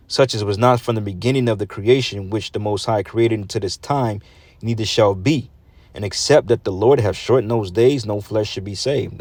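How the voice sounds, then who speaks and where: A man's voice: on the low side, darkish tone, dry recording. A man giving a blunt, profane street sermon, reading scripture and breaking it down with repeated "man" and "okay". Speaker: preacher.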